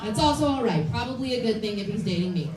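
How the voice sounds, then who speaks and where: A woman in her late twenties performs a blunt, self-deprecating stand-up set for a live comedy club audience, talking fast in a fairly high voice with lively intonation. The recording is distant, roomy and noisy, with crowd sounds around her.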